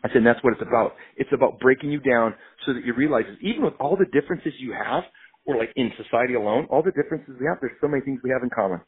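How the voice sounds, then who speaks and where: A fast-talking man with a husky edge tells emphatic, energetic stories and acts out bits of dialogue. His voice comes through a thin, phone-like remote call line. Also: medium pitch. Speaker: guest, doctor and motivational speaker. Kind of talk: casual podcast interview.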